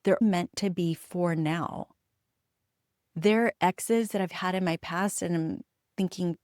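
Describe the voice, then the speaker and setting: A woman's voice: fairly low pitch, darkish tone, dry recording, studio quality. A woman from the United States hosting a solo podcast, telling personal stories in a candid, emphatic way and swearing freely. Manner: reflective storytelling with frequent pauses. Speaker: podcast host.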